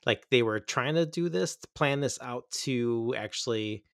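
A man's voice: medium pitch, unhurried, creaky, fairly bright tone, no echo, studio quality. A man co-hosting a casual movie discussion, speaking hesitantly and filling his sentences with "like". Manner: hesitant, full of "like". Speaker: podcast co-host.

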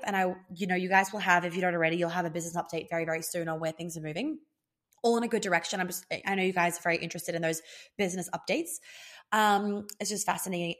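A young woman with a fading Australian accent, tired and rambling as she chats casually to her viewers. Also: fairly low pitch. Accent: Australian, fading toward American. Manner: rambling, chatty, trailing off and restarting. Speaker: vlogger. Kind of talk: casual chat to camera.

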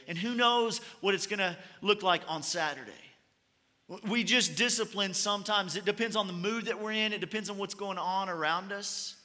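A high, bright male voice, preaching a sermon in a relaxed storytelling manner with light humor. His words carry a long hall reverb, as if from a church auditorium. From Kentucky. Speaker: pastor.

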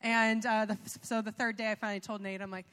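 This young woman talks fast, her mid-range voice flat in delivery yet a bit bright and clean. As the pastor's wife, she offers a personal, chatty testimony within a sermon, laughing lightly and using many fillers. The sound carries the reverberation of the church hall she's in.

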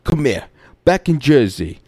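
A man voicing a pushy, loud male barfly from Jersey, pitched high above his own voice. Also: big pitch swings, unhurried, breathy edge, no echo, studio quality.

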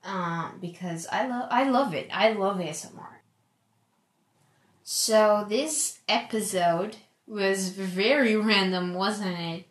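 A young woman hosting a solo podcast, chatting casually in a rambling way and calling herself loud. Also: mid-range voice, slow. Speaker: podcast host. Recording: echoey room.

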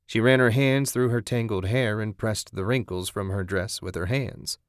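A man narrating a story in a steady, even audiobook style. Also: fairly low pitch, moderate pace, no room sound, clean studio sound.

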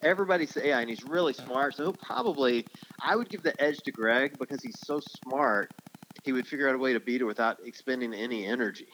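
A middle-aged man speaks as a podcast guest, answering questions at an easy, conversational pitch. He laughs often and wanders through long, rambling answers. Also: quick pace, fairly bright tone, poor audio. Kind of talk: casual podcast interview.

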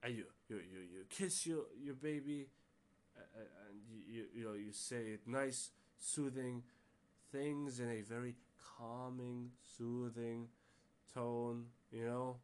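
A man talks through a casual solo podcast episode in a loose, rambling way. He stumbles over restarts and fillers and leans into an exasperated, ranting tone. His voice sits at an ordinary middle pitch for a man. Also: slow pace, darkish tone, smooth. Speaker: podcast host.

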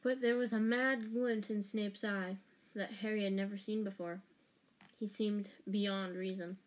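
A woman's voice: medium pitch, fairly even intonation, a little slow. A woman reads a chapter aloud for a fan audiobook in a casual, unpolished way. She stumbles, restarts lines and jokes about her own slips as she goes. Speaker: audiobook reader.

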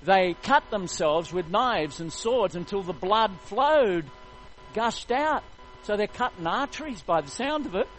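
A man preaching a sermon, retelling a story in an animated, jokey way. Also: high-pitched, measured pace, soft background music, rough recording.

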